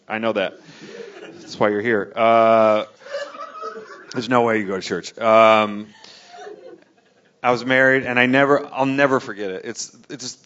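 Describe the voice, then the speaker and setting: A man's voice: on the low side, a bit bright, muffled recording. A man doing a stand-up comedy set in a bar, telling a rambling, self-deprecating story. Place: bar with a live audience.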